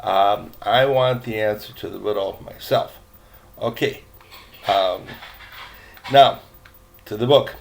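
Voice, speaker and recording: A man's voice: lowish voice, slow pace, vocal fry, long pauses, slight background noise. An older man reading a chapter book aloud, rambling with chatty asides and many fillers. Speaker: storyteller.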